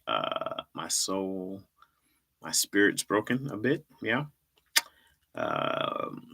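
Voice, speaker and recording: A man's voice: low-pitched, creaky, fairly bright tone, slightly rough. A man hosting a livestream, chatting casually with viewers in a laid-back, slangy way and laughing often. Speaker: livestream host and comedy writer.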